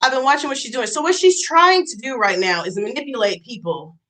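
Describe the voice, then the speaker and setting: A young adult woman ranting on a livestream, heated and profane, hammering her points by saying them twice. Her voice sits high and swings widely in pitch, with a bright, sharp edge. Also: expressive, brisk. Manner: heated, profane, repeats lines for emphasis. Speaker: YouTube streamer.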